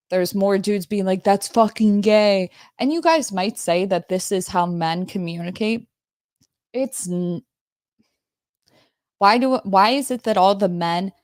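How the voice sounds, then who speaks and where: A woman's voice: lowish voice, no echo. A woman hosting a livestream, talking bluntly and swearing freely as she rants. She laughs often between points. Her voice is dry and close, with almost no room sound. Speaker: host. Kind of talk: casual livestream rant.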